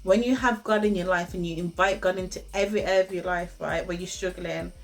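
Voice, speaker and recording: A woman's voice: fairly low pitch, steady tone, fast. Woman, young adult, casual advice talk, repeats phrases, laughs often, faint music behind. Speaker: host giving relationship advice. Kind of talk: casual motivational talk to camera.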